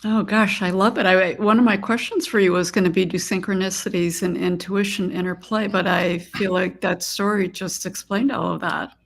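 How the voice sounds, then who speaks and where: A woman hosting a podcast, asking her guest questions with quick enthusiasm. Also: medium pitch, fairly even intonation. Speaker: podcast host. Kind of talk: interviewing a guest.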